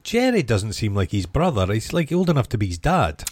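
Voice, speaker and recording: Scottish guy, middle-aged, jokey and sweary, kinda low voice, dry close mic. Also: very animated, a little fast, a little mellow, no room sound. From Scotland. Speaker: podcast co-host. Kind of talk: casual chat.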